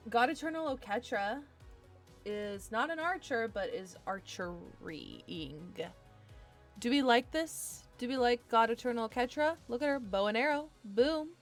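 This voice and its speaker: An excitable woman chatting to herself and her stream viewers while she builds a card game deck, with bursts of delight. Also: fairly high pitch, unhurried, faint music behind. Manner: excitable, talks to herself while browsing cards. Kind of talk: casual live-stream deckbuilding chat.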